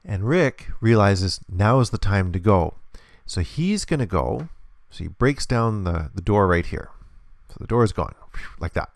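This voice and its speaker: Low gravelly male instructor. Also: very animated, measured pace, few pauses, no echo. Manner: patient, step-by-step explaining. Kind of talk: hands-on demonstration lesson.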